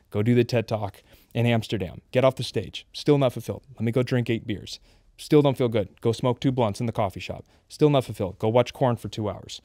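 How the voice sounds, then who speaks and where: A man's voice: medium pitch, fairly quick, warm tone, no room sound, studio quality. A man in his thirties, a podcast guest, telling his personal story in an earnest, confessional way. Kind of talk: candid personal testimony.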